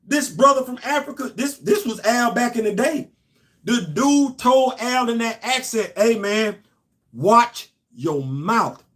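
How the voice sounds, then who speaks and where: A middle-aged man from New York hosting a casual opinion show, talking emphatically and swinging between loud points and low asides. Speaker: host.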